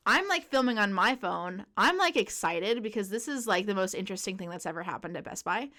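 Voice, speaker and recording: A young woman chatting casually on a podcast, telling a workplace story in an animated way, laughing often. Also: medium pitch, brisk. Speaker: podcast co-host.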